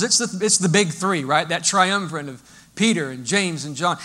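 A male pastor preaching a sermon in a lively, storytelling way, explaining as he goes. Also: sits high.

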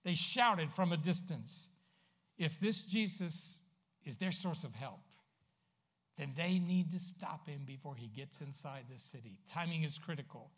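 A man preaching a sermon as pastor, swinging from emphatic, loud lines to hushed asides. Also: a little high, animated, unhurried.

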